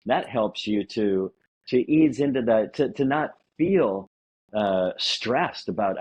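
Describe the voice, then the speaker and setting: A man hosting a podcast, talking casually about sales in a halting, rambling way. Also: fairly low pitch, expressive, a little mellow, husky. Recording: dull lo-fi audio.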